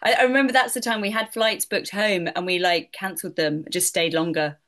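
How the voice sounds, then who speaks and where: Middle-aged woman, voiceover pro, relaxed chatty interview talk, a bit low-pitched, laughs easily. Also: fairly quick. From United Kingdom. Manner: chatty, laughs often, many fillers like "like". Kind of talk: casual interview answers.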